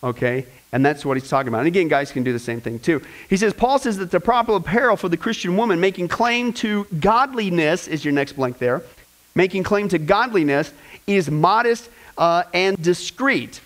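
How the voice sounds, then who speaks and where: A man preaching a church teaching sermon as pastor, lively and full of joking asides to the congregation. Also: high-pitched, normal speed, rough recording.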